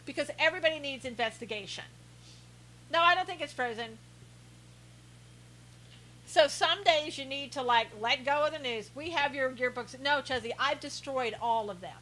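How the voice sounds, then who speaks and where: Sarcastic, teasing woman with a bright high voice. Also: poor audio. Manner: teasing, sarcastic, laughing often. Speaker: live stream host. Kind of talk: sarcastic live-stream chat, reading viewer comments.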